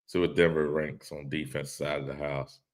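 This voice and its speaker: A man's voice: a bass voice, little pitch movement, moderate pace. A man hosting a casual live-stream podcast, reading chat comments aloud and laughing along in a laid-back way.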